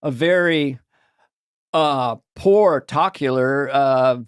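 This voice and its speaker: An older man co-hosting a podcast, chatting casually and playfully, often slipping into quick impressions. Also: a little high, animated, dry recording, clean studio sound. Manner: playful, jokey, drops into impressions. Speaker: podcast co-host. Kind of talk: casual comedy chat.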